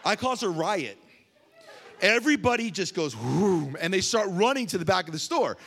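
A man preaching a sermon as a pastor, telling funny stories with sudden loud bursts. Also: normal speed, gravelly, slightly rough. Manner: storytelling with humor, animated swings from low to loud.

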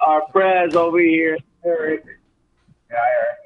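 A man's voice: a little high, flat delivery, unhurried. Rambling guy on a tinny phone line. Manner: loose, profane, rambling. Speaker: moped club member calling in. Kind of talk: casual phone-in chat.

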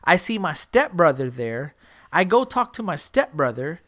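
A woman podcast host telling a story in a casual, profane and animated way, often repeating herself. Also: low-pitched, normal speed.

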